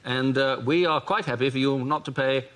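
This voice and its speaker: A man's voice: mid-range voice, normal speed, fairly bright tone, natural voice. A man doing an impression of a bumbling, flustered posh British prime minister in a comedy sketch, rambling politely, in a noisy recording. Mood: wheedling.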